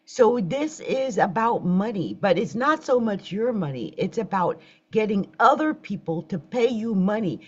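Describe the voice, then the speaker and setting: In dull, lo-fi livestream audio, a woman with a mid-range, slightly rough, animated voice hosts a casual astrology stream at a measured pace. She chats directly to her viewers and gets flustered when the tech acts up.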